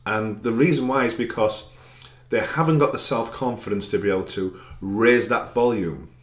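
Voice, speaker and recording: A man with a fairly low voice coaches his viewers on self-confidence. He speaks directly and encouragingly, punching key words with extra volume. The room around him adds a noticeable echo. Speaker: anxiety coach. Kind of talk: self-help video talk.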